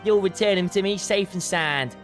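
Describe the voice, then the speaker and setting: A man's voice: high-pitched, normal speed, over music, close to an everyday voice. A man voicing a brash hunter with an Essex accent, in a game voiceover. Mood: fond.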